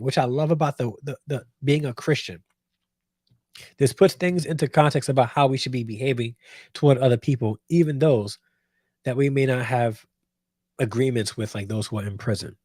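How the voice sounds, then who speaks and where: A man's voice: medium pitch, normal speed, a little mellow, dry recording. A man hosting a show, giving emphatic Bible commentary and repeating phrases for weight. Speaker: host.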